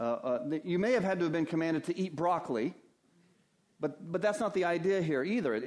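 A man preaching a sermon at a church service as its pastor, earnest, lifting his voice on key phrases and sinking low at the ends of thoughts. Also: darkish tone.

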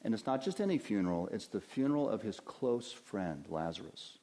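A man preaching a sermon in an earnest, preacherly way, dropping to hushed lows and rising to loud impassioned highs. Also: animated, a little fast. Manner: earnest, preacherly, addresses listeners as beloved.

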